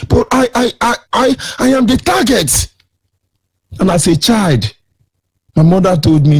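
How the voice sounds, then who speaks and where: A man's voice: high voice, unhurried, long pauses, slightly rough. A middle-aged man with a Nigerian accent hosting a radio show, delivering emphatic, sermon-like commentary with sing-song rises.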